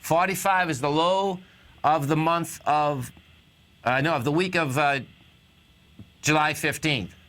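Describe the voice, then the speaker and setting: A man's voice: on the high side, unhurried, pauses often, a bit bright. A male talk radio host giving casual, rambling stock market commentary.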